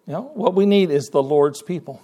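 Male pastor, fairly high voice, folksy sermon delivery, repeats himself, reads old-style scripture. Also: lively intonation, fairly quick, warm tone, slightly rough. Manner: folksy, repeats words, quotes scripture in King James wording.

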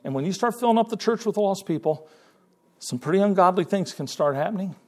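A man's voice: high-pitched, lively intonation, brisk, a little mellow. A man preaching a sermon in a folksy way, repeating his words and quoting scripture in King James wording. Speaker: pastor.

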